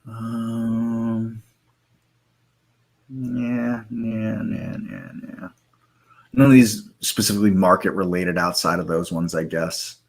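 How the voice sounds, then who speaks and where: Low-voiced man hosting a trading stream. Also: steady tone, takes it slowly, gravelly, slight background noise. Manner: loose, rambling, with many fillers and self-corrections. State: hiccups. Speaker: live trading room host. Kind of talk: casual live-stream software walkthrough.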